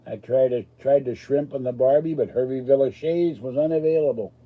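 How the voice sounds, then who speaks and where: A man's voice: mid-range voice, a little fast, narrow, tinny audio. A man hosting a live stream, chatting casually with a rambling, self-deprecating, joking manner. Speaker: livestream host answering chat.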